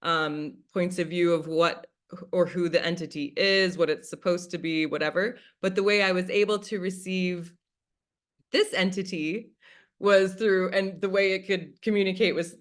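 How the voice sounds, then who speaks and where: A woman's voice: on the low side, fairly even intonation, normal speed. A woman facilitator teaching in a casual, chatty way, often acting out her own past thoughts as quoted asides. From United States. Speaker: class facilitator.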